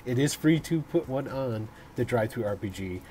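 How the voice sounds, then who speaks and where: A man's voice: mid-range voice, animated, normal speed, darkish tone, a little hiss or hum. A man hosting a tabletop game stream, running a giveaway in a folksy cowboy drawl.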